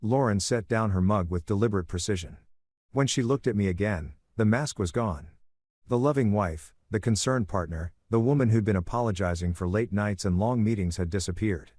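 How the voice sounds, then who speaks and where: A man narrates a first-person story in a measured, even way. His voice is fairly low, and the recording is dry and close with no room sound. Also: no echo.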